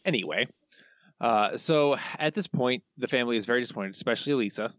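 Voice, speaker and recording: A man's voice: mid-range voice, fast, fairly bright tone, dry recording, muffled recording. A man co-hosting a podcast, recapping the plot in a dry, matter-of-fact way. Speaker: podcast co-host. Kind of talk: casual podcast chat.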